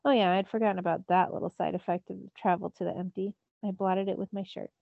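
A woman's voice: mid-range voice, fairly even intonation, quick pace, gravelly, dry recording, narrow, tinny audio. A teacher reading a novel aloud to her students, narrating expressively in the first person. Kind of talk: storybook read-aloud.

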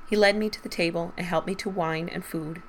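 A woman podcast host reading a Victorian ghost story aloud with measured storytelling. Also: lowish voice, steady tone, a little hiss or hum.

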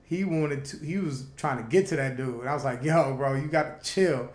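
A man in casual conversation, telling stories in an animated, profane way and laughing often. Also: mid-range voice, a little fast, roomy sound. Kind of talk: casual chat, storytelling.

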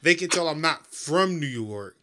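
A man's voice: fairly high pitch, expressive, moderate pace, noisy background. A man from the American South with a neutral American accent, chatting casually and hesitantly as a podcast host. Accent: neutral American, Southern softened. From Southern United States. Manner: hesitant, stammering restarts. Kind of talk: casual chat.

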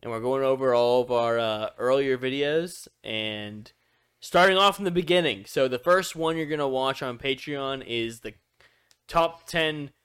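A man's voice: mid-range voice, measured pace, fairly bright tone, smooth. A man co-hosting a loose group podcast, chatting casually with lots of fillers and restarts. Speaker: podcast co-host.

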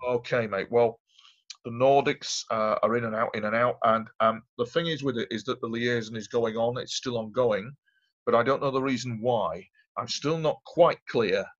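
Recorded in dull lo-fi audio, this man is a guest storyteller who goes on at length about his own life, stressing points and repeating himself as he rambles. His voice is mid-range and his pace is moderate.

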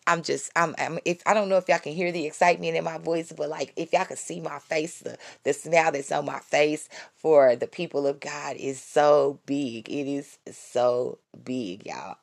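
A woman with a low, gravelly voice gives a fervent, preachy faith testimony in a casual spoken style. She repeats her phrases and keeps calling out to her listeners. The sound is dry and close. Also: no room sound. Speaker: vlogger giving a faith testimony.

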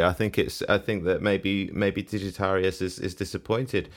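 Teasing man, low voice. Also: brisk, hardly any pauses, fairly bright tone. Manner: teasing, rambling, laughs often. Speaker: podcast co-host. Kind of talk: casual comedic podcast chat.

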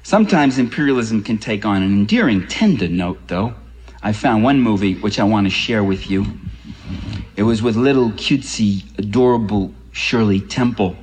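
A man's voice: fairly low pitch, moderate pace, darkish tone, slightly rough, poor audio. A man giving a public lecture in an impassioned, ironic way, building emphasis on key points.

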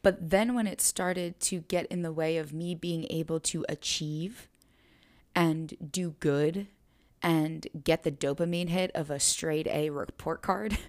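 Young woman, low voice, earnest, reflective, repeats for emphasis, podcast monologue. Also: fairly even intonation, a little slow, darkish tone. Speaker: podcast host. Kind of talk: personal storytelling monologue.

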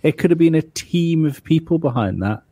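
A man's voice: a little high, animated, moderate pace, mellow, dry recording. A man in a casual livestream chat who questions claims and pushes back. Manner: skeptical, questioning. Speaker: livestream co-host.

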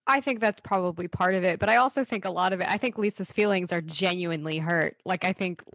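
A woman's voice: lowish voice, fast talker, fairly bright tone, no echo, studio quality. A woman co-hosting a podcast, chatting casually with hesitant restarts. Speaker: podcast co-host. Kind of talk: casual chat.

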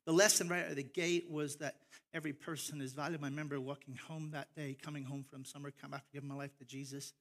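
Passionate Irish pastor preaching. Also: male voice, on the high side, level tone, fairly bright tone. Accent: Northern Irish, softened by years in America. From Ireland. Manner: passionate, with big swells of emphasis and slowed key phrases. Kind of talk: sermon.

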